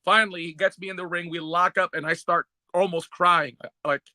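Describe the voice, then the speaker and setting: A man's voice: sits high, steady tone, fairly quick, pushed and bright, dry recording. A man hosting a casual podcast chat, enthusiastic and easily moved. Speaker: podcast host.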